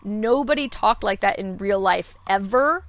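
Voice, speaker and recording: A woman's voice: medium pitch, a little slow, no room sound. A woman in her thirties, a voice actor guest, talking candidly and self-deprecatingly in a rambling podcast chat. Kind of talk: casual podcast conversation.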